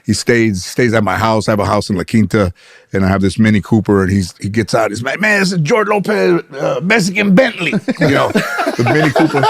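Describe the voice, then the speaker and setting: A man's voice: fairly low pitch, a little fast, no room sound, clean studio sound. A man telling stories casually on a podcast as a comedian guest, swearing freely and acting out the people in his stories. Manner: profane, animated, acts out the people in his stories.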